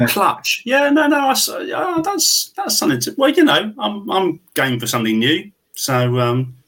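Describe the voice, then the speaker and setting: A man's voice: sits high, big pitch swings, unhurried, a bit bright. A man co-hosting a podcast, bantering wryly and swearing. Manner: wry, laughing, sweary banter. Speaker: podcast co-host. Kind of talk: casual podcast chat.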